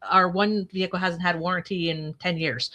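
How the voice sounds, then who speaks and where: Chatty lady host, bright voice, kinda low, laughs a lot. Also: steady tone, normal speed. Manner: chatty, laughs often, acts out her husband's lines. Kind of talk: casual chat on a live stream.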